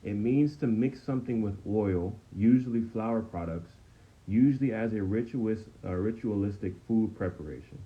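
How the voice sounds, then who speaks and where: Deep-voiced man teaching a casual Bible study. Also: moderate pace, husky. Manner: conversational, frequent "okay?" check-ins, repeats himself. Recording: dull, slightly lo-fi sound with faint noise.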